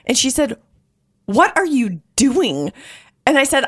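Middle-aged woman, casual chat co-host, animated laughing storyteller, very lively pitch. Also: unhurried.

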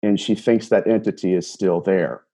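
A deep, dark-toned male voice speaks at normal speed with a steady tone. The speaker, a self-described empath, tells a personal story earnestly and casually, recounting a conversation line by line with many repeated words and restarts.

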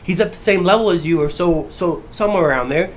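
A man ranting on his channel in a brash, profane way, swinging from shouts to mutters. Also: high-pitched, fast, a little hiss or hum. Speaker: YouTuber. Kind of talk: casual ranting monologue.

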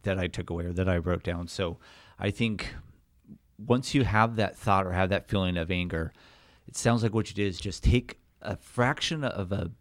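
Male podcast host, encouraging, lowish voice, dry close sound. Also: moderate pace, no echo. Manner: encouraging, animated when acting out quotes. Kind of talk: casual podcast conversation.

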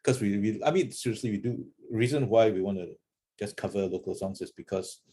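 A Singaporean man hosting a podcast, chatting casually with a halting, restarting delivery. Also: fairly low pitch, mellow, slight background noise. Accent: Singaporean English. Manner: halting, many restarts and laughs. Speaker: podcast host. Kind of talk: casual chat.

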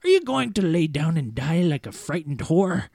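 A man voicing a very old, blind male palm reader who is harsh and stern, in a slow, strained old-man voice. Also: fairly high pitch, very animated, vocal fry, heavy background noise, voice pushed up.

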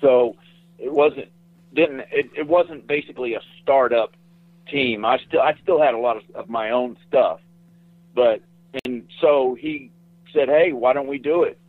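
A man's voice: medium pitch, measured pace, dry recording. Man telling stories over a tinny phone line. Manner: rambling, repeats himself. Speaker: guest. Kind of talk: casual storytelling interview.

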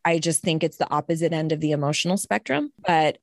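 A woman's voice: low-pitched, fast, no echo, clean studio sound. A woman hosting a podcast, telling a personal story in an earnest, reflective way. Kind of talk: casual podcast chat.

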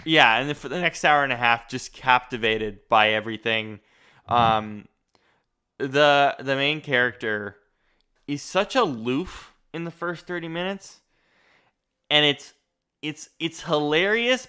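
A man co-hosting a podcast, chatting casually about a movie and telling animated stories about watching it. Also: mid-range voice, unhurried, clear, resonant tone. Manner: animated storytelling, laughing as he retells scenes. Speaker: podcast co-host. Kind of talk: casual movie-review chat.

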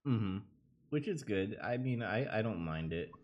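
Podcast co-host, male, low voice, loose and hesitant, full of fillers. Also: expressive, unhurried, highs cut off. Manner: rambling, hesitant, many fillers. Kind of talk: casual chat.

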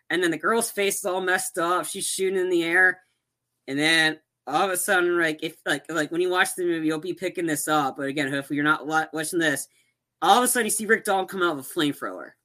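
A man's voice: on the high side, sharp tone. A man casually recapping a film's plot, rambling with many restarts and fillers and acting out characters' lines.

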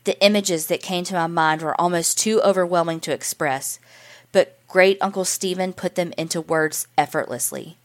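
A woman's voice: fairly low pitch, normal speed. A woman narrating a story as a teacher, in an earnest, emotional storytelling manner. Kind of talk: scripted narration.

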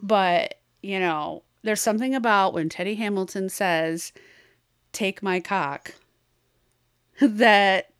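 An American woman co-hosting a podcast in loose, casual chat. She tells raunchy stories with lots of laughing, and her voice sounds dry and close. Her pitch sits in a middle range. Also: slow pace, smooth, no room sound. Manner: bawdy, laughing, animated storytelling. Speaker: podcast co-host.

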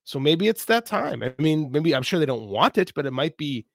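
A man co-hosting a podcast, talking casually about wrestling in an animated way, catching and correcting himself and swearing now and then. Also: a little high, normal speed, vocal fry, dry recording, clean studio sound. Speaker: podcast co-host.

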